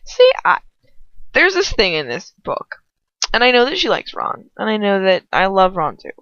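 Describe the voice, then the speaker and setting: A woman's voice: mid-range voice, huge pitch swings, moderate pace, a bit bright, dry recording. Rambling, blunt young woman commenting. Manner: rambling, blunt, swearing, lots of fillers. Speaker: fanfiction reader. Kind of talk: casual commentary. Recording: dull lo-fi home recording.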